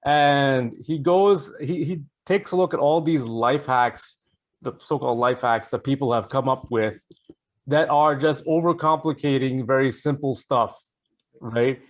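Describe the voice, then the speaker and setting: A man co-hosting a podcast, telling stories in a halting, hesitant way with many fillers. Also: mid-range voice. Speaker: podcast co-host. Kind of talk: casual political chat.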